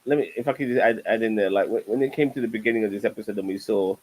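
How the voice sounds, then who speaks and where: A middle-aged man co-hosting a laid-back review show, talking in long, rambling runs peppered with swearing. His voice sits a little low. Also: racing, husky, low-quality recording. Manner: profane, rambling, animated. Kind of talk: casual chat.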